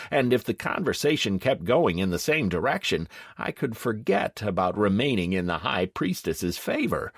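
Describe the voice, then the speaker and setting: A man narrating a first-person fantasy audiobook in an expressive, dramatic manner. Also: low voice, dry recording, studio quality.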